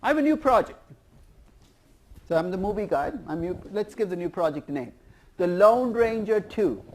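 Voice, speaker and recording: A man lecturing a university class, lively and putting questions to the students. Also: medium pitch. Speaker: professor.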